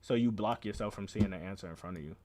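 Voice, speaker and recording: A man, casually commenting to himself as he edits a video, relaxed and slangy. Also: lowish voice, fast talker, a little hiss or hum. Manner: relaxed, thinking aloud, slangy. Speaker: video editor. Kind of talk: casual commentary while editing.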